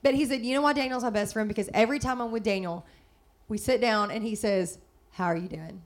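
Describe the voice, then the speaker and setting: A middle-aged woman, chatting warmly and upbeat with lots of fillers in a faith-based talk. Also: fairly high pitch, quick pace. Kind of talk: casual faith-based chat.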